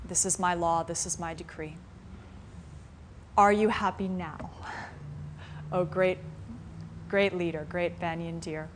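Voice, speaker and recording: A woman's voice: fairly low pitch, steady tone, slow, long pauses. A woman voicing a generous, noble male king in a told fable, speaking earnestly. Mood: solemn. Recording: faint room noise in a live class.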